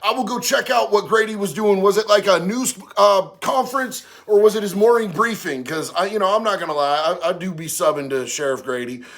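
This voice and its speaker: A man's voice: high-pitched, fairly quick, hardly any pauses, a bit bright. A man hosting a casual livestream, reading chat aloud and answering in slangy, streetwise talk. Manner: slangy, streetwise, says bro a lot.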